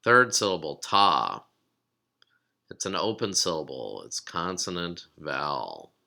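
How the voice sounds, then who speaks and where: A man giving a recorded lesson, explaining steps calmly and sounding out words slowly. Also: sits low, gravelly. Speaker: teacher.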